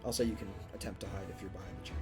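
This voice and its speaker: Relaxed male game master over music. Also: low voice, very fast. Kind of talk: running a tabletop game.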